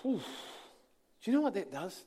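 A man preaching a sermon, shifting between quiet passages and emphatic lines. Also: sits high, big pitch swings, moderate pace, a little hiss or hum.

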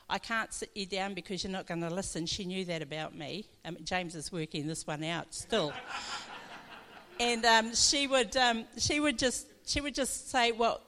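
A woman's voice: mid-range voice, bright, forceful tone. A woman pastor gives a chatty personal testimony in church, often laughing as she tells her story. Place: church hall. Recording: long hall reverb.

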